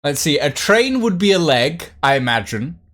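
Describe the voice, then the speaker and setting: A man's voice: fairly high pitch, sing-song, normal speed, fairly bright tone. A man hosting a livestream, chatting casually and playfully, rambling and muttering to himself as he writes. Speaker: livestream host.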